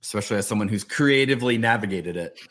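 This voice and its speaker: A middle-aged man hosting a podcast, asking questions and telling stories in a conversational, animated way. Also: fairly low pitch, quick pace. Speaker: podcast host. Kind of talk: podcast interview.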